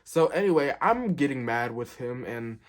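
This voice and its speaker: A man's voice: mid-range voice, lively intonation, normal speed. A young man telling a work story in a casual storytime, rambling and filling gaps with "like" and "um". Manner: rambling, filler-heavy, keeps saying "like".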